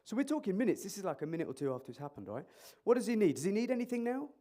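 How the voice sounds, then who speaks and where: A man's voice: sits high, racing. A man speaking as an emergency clinician at a conference, joking and quizzing the audience through a microphone. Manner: animated, jokey, quizzing the audience. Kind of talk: interactive conference talk. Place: conference hall.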